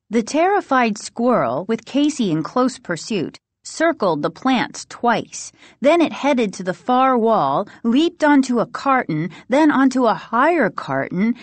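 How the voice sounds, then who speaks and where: A woman reads a children's horror story aloud, slow and suspenseful. Her pitch moves in lively swings, and the sound is dry and close. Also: dry recording. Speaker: audiobook narrator. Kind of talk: storybook narration.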